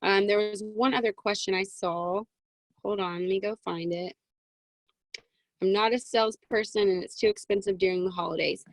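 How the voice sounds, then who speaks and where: A woman in her twenties giving a chatty, excitable motivational talk to a sales team over a video call from her closet, with plenty of "um" and "right?". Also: mid-range voice, normal speed, dry recording, rough recording. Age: 20s. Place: home walk-in closet.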